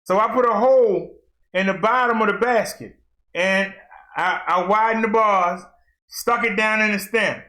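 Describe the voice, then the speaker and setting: A man's voice: sits high, normal speed, pushed and bright. A man vlogging casually, chatting straight to his viewers and laughing often as he works. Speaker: fitness vlogger. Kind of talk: casual talk to viewers while working. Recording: echoey room.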